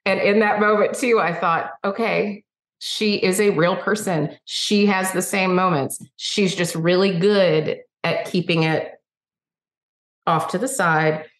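A woman guest, a singer-songwriter, telling stories in a chatty, animated way and acting out the dialogue. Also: on the low side, a little slow. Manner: chatty, animated storyteller who acts out dialogue. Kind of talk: casual interview storytelling. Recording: roomy echo.

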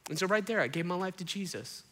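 Man, pastor, animated sermon, very bright tense voice, long hall reverb. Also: sits high, fast talker. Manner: animated, acts out quotes, addresses crowd as y'all. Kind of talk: storytelling sermon. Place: church auditorium before a congregation.

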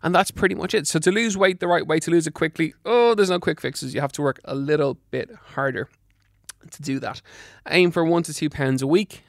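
A man's voice: a little high, gravelly, no room sound, studio quality. A middle-aged man giving fitness and diet advice on a podcast, emphatic and practical, doubling words for stress. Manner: brisk, practical coaching. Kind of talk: advice talk to listeners.

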